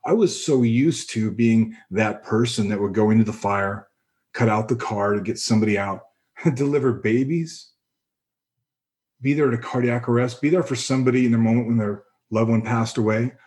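A middle-aged man giving a personal testimony, earnest and reflective, pausing and restarting as he speaks. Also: medium pitch, a little mellow. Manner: earnest, reflective, halting with pauses. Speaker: personal storyteller.

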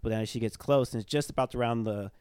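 A man's voice: mid-range voice, fast, a little mellow, smooth, no echo. A young man telling a ghost story in casual podcast chat, rambling, with lots of fillers. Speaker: storyteller, former tour guide.

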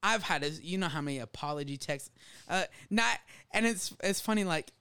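A man co-hosting a casual faith podcast, animated and laughing, acting out little quoted voices as he talks. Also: on the high side, normal speed, smooth, dry recording. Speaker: podcast co-host.

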